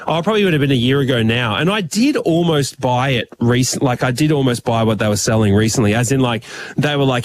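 A man with an Australian accent co-hosting a show, chatting casually in an animated, joking way. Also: mid-range voice. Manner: animated, joking, quick laughs. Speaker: radio co-host. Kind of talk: casual banter.

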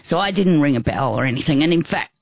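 An older Australian woman telling a personal story in conversation, halting, with frequent restarts and asides. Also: low voice, lively intonation, creaky, a little mellow, no room sound. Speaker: guest.

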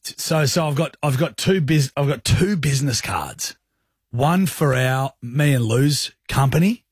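A man's voice: mid-range voice, unhurried, husky, no room sound. A young man with an Australian accent, co-hosting a radio show in casual, rambling, self-deprecating banter from a studio. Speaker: radio co-host.

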